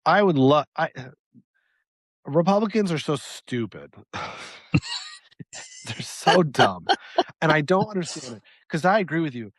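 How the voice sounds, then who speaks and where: A man's voice: a little high, sing-song, a little slow, pauses often, no echo. A man co-hosting a podcast, talking through a policy plan step by step in a casual debate. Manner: thinks aloud, lays out a plan step by step. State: losing his voice. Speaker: podcast co-host.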